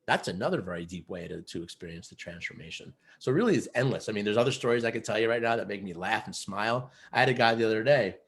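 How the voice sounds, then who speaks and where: A man coaching other men, telling stories in a casual interview, earnest and animated, with many fillers like "you know" and "like". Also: on the low side, quick pace, few pauses. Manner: earnest, animated storyteller who acts out quotes. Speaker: guest, men's coach.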